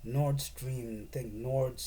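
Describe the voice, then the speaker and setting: A man's voice: medium pitch, steady tone, takes it slowly, warm tone. A man giving a profane, sarcastic and rambling political rant as a commentator.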